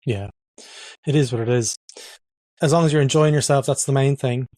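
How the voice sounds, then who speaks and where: A podcast host leads a casual interview chat in a medium-pitched, slightly mellow voice at a moderate pace, with no room sound. He's chatty and self-deprecating and loves putting on accents.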